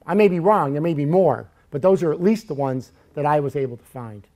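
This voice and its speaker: A man delivers a sermon in a church, his voice sitting a little higher than most men's. He tells Bible stories in a lively, joking way and acts out the characters as he goes. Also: brisk. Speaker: preacher.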